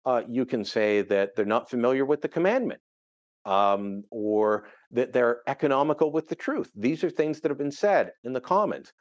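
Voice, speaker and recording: This political contributor, a Canadian man in middle age, walks through current events with lively, conversational energy and plenty of pitch movement, briefly mimicking the voices of those he quotes. The setting suggests a laid-back interview. There's no room sound, and the audio is muffled.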